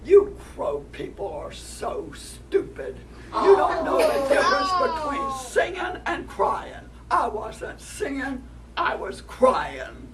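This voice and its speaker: Gruff, scornful coyote hunter in a spoken story, voiced by a woman; distant and noisy. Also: fairly high pitch, animated, measured pace. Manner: growling, boastful, snarling. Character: proud hungry male coyote hunter, gruff. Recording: distant mic, noisy room.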